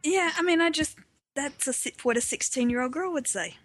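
A woman's voice: sits high, fairly quick, fairly bright tone, dry recording. A woman in a casual group chat, hesitant and thinking aloud with fillers.

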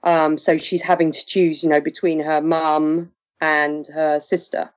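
Podcast co-host, woman, lowish voice, chatty recapper who leans on fillers. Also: level tone, measured pace. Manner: chatty, laughs often, recaps with many fillers. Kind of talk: casual chat.

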